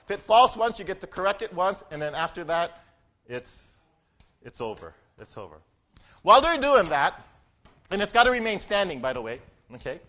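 A man leading a children's message in church, running a game and telling a story, animated and quizzing the kids. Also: a little high. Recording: dull lo-fi recording.

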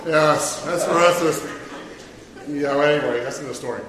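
A man's voice: fairly high pitch, normal speed, crowd noise. A man telling a story to children in a playful way and asking them questions, heard from far off in an echoey hall. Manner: playful, asks the audience questions.

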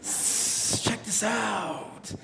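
A man voicing a smooth-talking male serpent who coaxes in hushed, slangy tones. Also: high-pitched, extremely slow, roomy sound, a crowd in the background, exaggerated voice. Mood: coaxing.

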